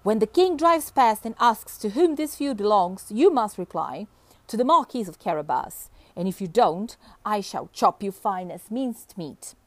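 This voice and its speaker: A woman voicing a clever, bold male cat who speaks eagerly and turns fierce with his threats, in a lively, dry storybook reading. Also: fairly high pitch, normal speed, no echo.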